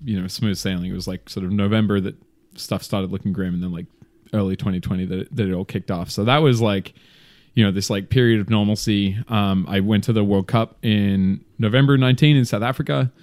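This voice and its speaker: A man's voice: fairly low pitch, fairly even intonation, fairly quick, a little mellow, no echo, studio quality. A man from Australia with a partly Americanized Australian accent, chatting casually as a podcast guest, rambling and self-mocking. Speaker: guest, skydiver.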